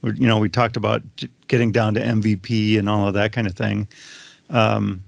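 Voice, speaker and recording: A man's voice: fairly low pitch, little pitch movement, moderate pace, vocal fry, no echo, muffled recording. A man hosting a work podcast, joking playfully with his guests. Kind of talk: conversational podcast talk.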